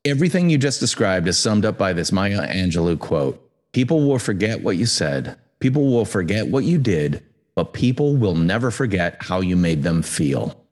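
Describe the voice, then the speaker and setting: Low-voiced male podcast host. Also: big pitch swings, normal speed, a little mellow. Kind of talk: podcast interview.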